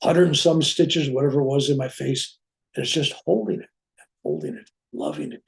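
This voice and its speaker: A man with a somewhat raised pitch and a gravelly edge tells a personal story. He is a reverend who recounts events in a lively way, slipping into the voices of the people he quotes. Now and then he drops in a wry aside. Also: normal speed. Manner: animated retelling, acting out quoted voices, chuckling asides. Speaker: reverend sharing a spiritual experience.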